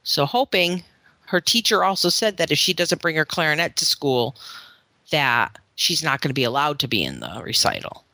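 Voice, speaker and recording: A woman's voice: deep voice, lively intonation, moderate pace, pushed and bright, no room sound. A woman in her thirties, a mother, chatting casually on a podcast and often laughing as she tells stories about her kids. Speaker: podcast host; mother of children in therapy. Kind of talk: casual chat.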